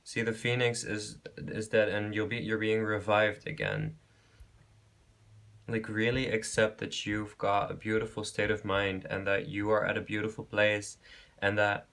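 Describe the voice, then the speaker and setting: Man, tarot reader, gravelly, flat delivery, gentle and affectionate, rambling reassurance. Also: lowish voice. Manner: affectionate, calls viewers babe and beautiful soul. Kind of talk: pick-a-card tarot reading.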